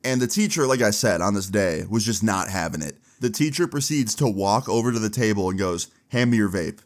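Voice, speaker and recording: Young man telling a profane, lively story. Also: fairly low pitch, a little fast. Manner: animated, profane and chatty. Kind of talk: casual storytime.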